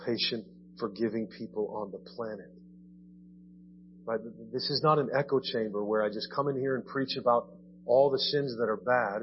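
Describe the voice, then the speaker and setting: A man's voice: medium pitch, muffled recording, a little hiss or hum. A man preaching a sermon in a church in a conversational way, often asking "right?" and repeating his words. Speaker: pastor. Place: church sanctuary.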